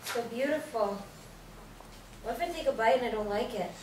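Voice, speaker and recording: A woman's voice: medium pitch, fairly even intonation, normal speed, warm tone, a little hiss or hum, voice pushed up, natural voice. A woman voicing a wide-eyed, nervous young woman with breathless wonder, in a screenplay read-through. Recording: echoey room from far off.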